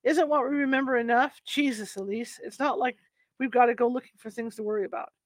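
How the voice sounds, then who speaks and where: A woman voicing a tired, practical husband who speaks flatly and dismissively, in an audiobook reading. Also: fairly high pitch, a little fast, no room sound, lightly acted. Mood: weary.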